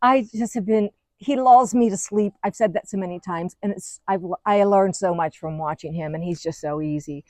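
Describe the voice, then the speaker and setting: A middle-aged woman hosting a gardening vlog, chatting excitedly as she walks through her outdoor garden. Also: medium pitch, normal speed, hardly any pauses, no echo. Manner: chatty, excitable, gushing over plants. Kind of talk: casual garden walk-through.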